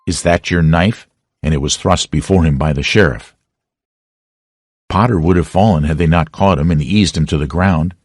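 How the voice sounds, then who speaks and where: A man narrating a classic novel as an audiobook reader, with a dramatic, expressive reading. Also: a bass voice, normal speed, husky, dry recording, studio quality. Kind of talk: scripted narration.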